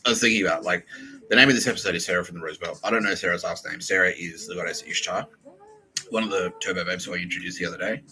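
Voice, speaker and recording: A man's voice: low-pitched, pushed and bright, low-quality recording. A man with an Australian accent hosting a rambling, profane comedy podcast, laughing at his own jokes and slipping into mock voices for bits. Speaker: podcast host.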